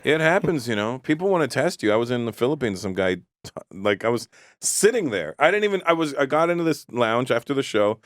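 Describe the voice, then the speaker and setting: Brief: male comedian guest, fast, animated storyteller, dry studio sound. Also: mid-range voice, dry recording. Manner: animated, acts out the other people in his stories. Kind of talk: casual talk-show storytelling.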